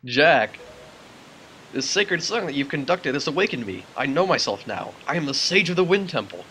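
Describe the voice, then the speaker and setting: A man voicing a tiny, shy male forest creature who speaks in a gentle, earnest, pleading way. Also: a little high, big pitch swings, moderate pace, slight background noise, low-quality recording. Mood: solemn.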